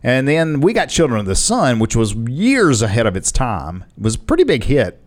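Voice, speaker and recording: A man co-hosting a loose, jokey podcast, his pitch swinging widely as he talks. He laughs often and breezes through ad reads between the banter. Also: wildly swooping pitch, moderate pace. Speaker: podcast co-host.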